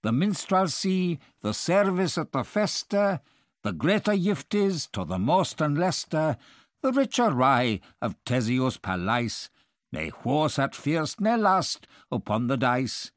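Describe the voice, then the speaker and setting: A man reading medieval verse aloud in a measured, rhythmic recitation. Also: on the high side, very animated, no room sound, studio quality. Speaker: reader.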